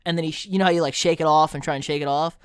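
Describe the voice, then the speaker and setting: Man casually talking sports, smooth voice. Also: fairly high pitch, very fast, no echo, studio quality. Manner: animated storytelling, lots of fillers. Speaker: podcast co-host.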